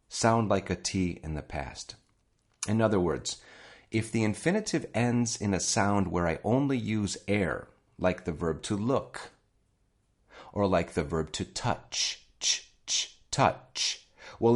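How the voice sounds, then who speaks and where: A man hosting a spoken English lesson, chatty and addressing listeners directly, repeating words slowly for learners. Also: sits low. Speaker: English teacher, podcast host.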